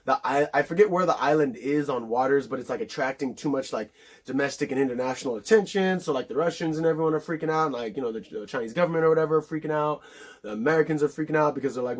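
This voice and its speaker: A man's voice: medium pitch, fast. A man casually recapping a movie in a rambling, profane way, full of filler words. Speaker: film reviewer.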